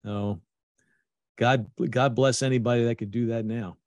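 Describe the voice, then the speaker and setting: A man's voice: mid-range voice, steady tone, moderate pace, a little mellow, no echo. A male podcast host in a casual interview chat, laughing easily and restarting his sentences.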